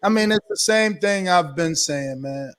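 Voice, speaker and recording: A man's voice: on the high side, expressive, unhurried, fairly bright tone. An American man, a boxing podcaster, talking emphatically as a guest, asking rhetorical questions. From United States. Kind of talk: casual interview chat.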